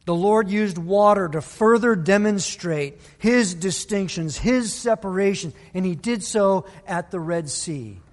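A man's voice: sits high, long reverb tail. A male pastor preaching a sermon, telling a Bible story and acting out the people's voices. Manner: storytelling, acts out biblical voices.

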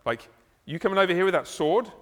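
A man's voice: high-pitched, animated, fast. A man voicing a brash, self-assured adult male army commander, talking bluntly and casually. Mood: challenging. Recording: long hall reverb.

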